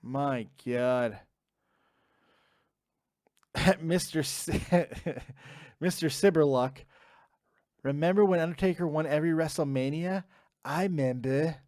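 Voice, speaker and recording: A man's voice: a little high, takes it slowly, pauses often, a little mellow, dry recording, clean studio sound. A young man hosting a live stream, reading viewer comments aloud and replying in a casual, swearing manner. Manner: casual, swears freely, reads chat names aloud. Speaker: host reading live chat.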